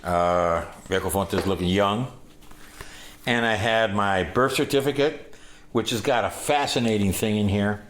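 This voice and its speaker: A man's voice: fairly low pitch, measured pace, a bit bright, a little hiss or hum. A man in his sixties from Los Angeles casually telling a rambling story of his youth, putting on voices for the people he quotes. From Los Angeles, United States. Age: 60s. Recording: roomy echo.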